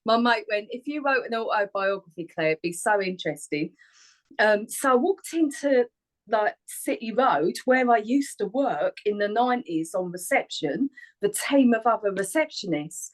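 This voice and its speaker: A woman's voice: mid-range voice, lively intonation, moderate pace, poor audio. A woman, chatting as a guest on a radio show over a video call, rambling and laughing often. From Harlow, Essex, England. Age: 40s. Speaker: guest singer and actor. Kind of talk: casual chat on a radio interview. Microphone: remote video call.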